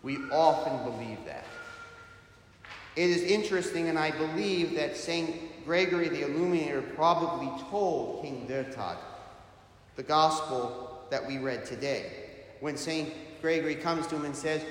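A priest delivering a sermon, slow and emphatic, with strong rises on the words he stresses. His voice is somewhat high for a man and rings through a large church. A long reverb tail hangs behind every phrase. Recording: echoey church hall.

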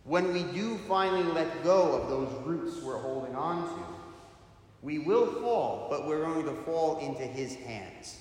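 A man, a priest, delivering a sermon with slow, emphatic preaching that rises strongly on key words. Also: fairly high pitch, lively intonation, darkish tone. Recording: echoey church hall.

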